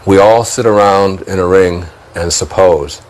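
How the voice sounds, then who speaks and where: A man's voice: deep voice, unhurried, a little mellow, poor audio. A man with a Detroit accent, speaking as a guest in a reflective spiritual interview, musing aloud, chuckling often and repeating words as he thinks.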